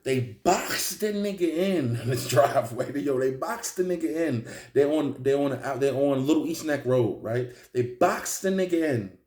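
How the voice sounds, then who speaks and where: A man's voice: medium pitch, normal speed, few pauses. A man telling a story in a casual, profane street style, acting out the people in it. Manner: animated, profane street storytelling with acted-out quotes.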